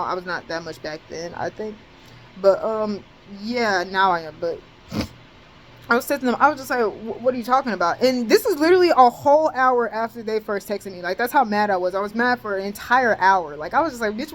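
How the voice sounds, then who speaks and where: A young woman with a slightly high voice tells a personal story straight to the camera. She talks casually and candidly, swears freely, and acts out what people said. A faint hum sits under the recording. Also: low-quality recording. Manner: candid, swearing, animated retelling with quoted asides. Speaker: vlogger telling a personal story.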